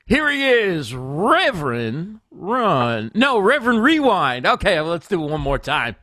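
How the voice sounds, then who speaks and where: A man's voice: sits high, very animated, unhurried, sharp tone, no echo, studio quality. A man announcing the intro of an improvised comedy podcast, drawn out, restarting with laughs. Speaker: show announcer.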